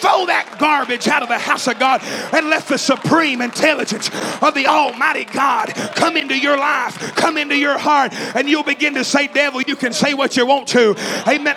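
A man from East Tennessee, preaching a fervent sermon in a church with shouted, repetitive lines. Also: very high voice, noisy background.

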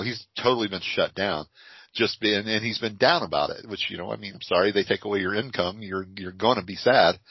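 A man's voice: on the low side, slightly rough, dry recording. An older man co-hosting a podcast, telling rambling stories with chuckles in casual chat. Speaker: podcast co-host. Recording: dull lo-fi dry recording.

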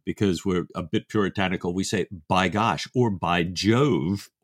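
A man's voice: deep voice, normal speed, no room sound, studio quality. A man co-hosting a podcast, retelling a novel's plot with amusement. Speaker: podcast co-host. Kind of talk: casual book discussion.

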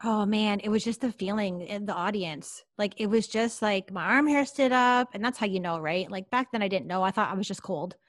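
A woman's voice: medium pitch, fairly quick, few pauses, no room sound, studio quality. A woman, a psychic medium, telling a personal story in a podcast interview, chatty and full of fillers. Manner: lively, chatty, many fillers like "like".

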